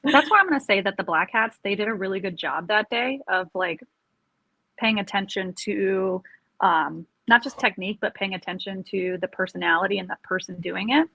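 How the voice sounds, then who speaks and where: A woman, an army career counselor, chatting casually and telling animated stories with frequent laughs. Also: mid-range voice, moderate pace, gravelly, husky, dry recording, low-quality recording. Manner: animated storyteller, laughs often. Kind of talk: casual podcast chat.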